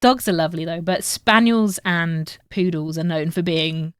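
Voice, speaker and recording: A young northern English woman streams herself sewing, chatting casually, reading chat aloud, and talking to viewers as she goes. Her voice is on the low side, clear and resonant, with fairly even intonation at normal speed. The recording is dry and studio-clean.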